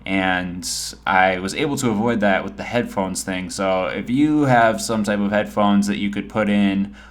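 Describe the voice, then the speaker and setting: A man's voice: fairly low pitch, normal speed. A man in his twenties giving joking, rambling advice over gameplay in a casual vlog. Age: 20s. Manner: joking, rambling, self-deprecating.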